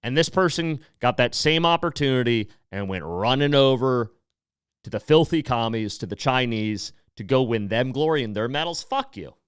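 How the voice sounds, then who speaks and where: Male podcast host, clear resonant voice, animated pitch, profane heated rants. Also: normal speed, dry recording, studio quality. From United States. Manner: sarcastic. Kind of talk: casual podcast monologue.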